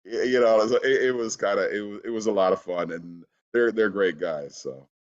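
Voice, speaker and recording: A relaxed man chats as an interview guest, laughing easily and filling gaps with "you know". His voice sits low, and the audio sounds dull and lo-fi. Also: moderate pace. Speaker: actor guest. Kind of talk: casual interview.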